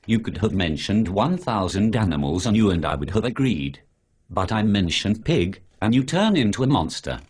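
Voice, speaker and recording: A man's voice: fairly low pitch, sing-song, normal speed, darkish tone, slightly rough. A male synthetic voice playing a sarcastic superhero who lectures his friend about refusing pork, reeling off lists of things. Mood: arguing. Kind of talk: synthetic animated dialogue.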